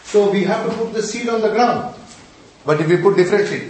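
A man's voice: high voice, fairly quick, a little mellow, a little hiss or hum. A middle-aged man teaching a class, quizzing the students, answering his own questions and scolding them playfully. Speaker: Sanskrit and mantra teacher. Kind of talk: classroom lecture. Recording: echoey room from far off.

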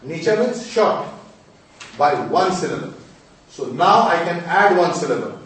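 High-voiced man teaching in an echoey hall. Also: animated, fairly bright tone. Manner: emphatic, quizzing listeners, chants mantras slowly. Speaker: mantra teacher. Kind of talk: teaching a group. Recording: echoey room, distant mic.

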